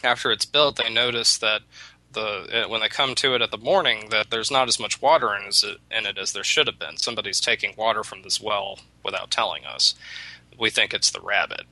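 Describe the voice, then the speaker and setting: Brief: a low, very bright male storyteller with a halting, rambling delivery, dry sound. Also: vocal fry, dry recording, poor audio. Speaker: storyteller in a chat. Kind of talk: casual chat.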